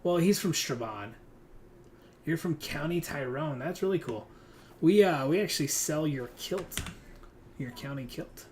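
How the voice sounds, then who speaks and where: A man's voice: fairly high pitch, lively intonation, measured pace, pauses often, darkish tone, slight background noise. Young man gamer, loose rambling chat with cursing. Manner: rambling, swears freely, talks to players and his kid. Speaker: gaming streamer. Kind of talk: casual chat while playing a hunting game.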